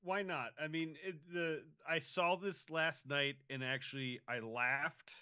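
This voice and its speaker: A man co-hosting a casual talk show, speaking in halting, supportive banter. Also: a little high, steady tone, bright, forceful tone, clean tone, highs cut off. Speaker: co-host.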